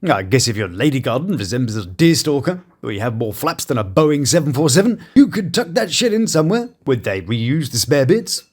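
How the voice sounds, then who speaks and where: A man's voice: mid-range voice, sing-song, a little fast, few pauses, breathy edge. A man hosting a comic review show, narrating with sarcastic, jokey commentary. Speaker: YouTube show host and reviewer.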